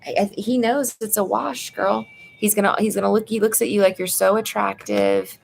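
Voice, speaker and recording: A woman doing a live tarot reading at home, speaking into her phone. Her mid-range voice has a strong vocal fry running through it. She talks bluntly and casually, as if chatting with a close friend. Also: mid-range voice, fairly even intonation, moderate pace, a little hiss or hum. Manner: blunt, chatty, addresses viewer as "girl". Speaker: tarot reader. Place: apartment room at home.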